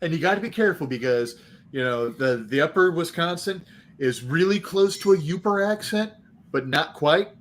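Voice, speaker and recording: A man's voice: on the high side, expressive, normal speed. A man telling a rambling, teasing story in a casual group chat with friends. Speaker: co-host.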